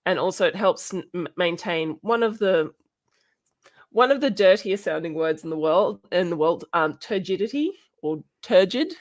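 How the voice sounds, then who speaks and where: A woman hosting a casual educational chat, halting often with ums and restarts and laughing now and then. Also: on the low side, lively intonation. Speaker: podcast host.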